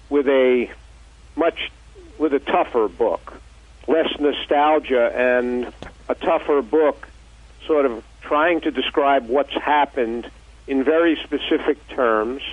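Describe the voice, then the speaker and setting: An older man in his seventies, an author guest on a phone interview, explaining in a measured, thoughtful way. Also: on the high side, husky, dry recording. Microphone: telephone. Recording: phone line.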